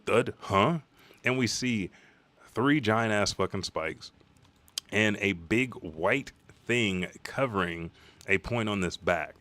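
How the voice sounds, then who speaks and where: A man hosting a live comic reaction stream, talking in a rambling, profane, excitable way. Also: lowish voice, no echo.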